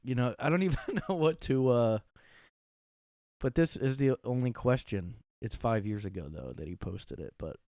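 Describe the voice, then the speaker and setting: A man's voice: mid-range voice, animated, normal speed, a little mellow, dry recording, clean studio sound. A young man hosting a casual solo podcast, rambling and using many fillers. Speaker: podcast host.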